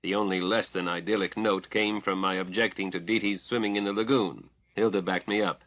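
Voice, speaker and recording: A man narrating an audiobook in an even, measured way. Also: low voice, dry recording, lo-fi sound. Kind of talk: scripted narration.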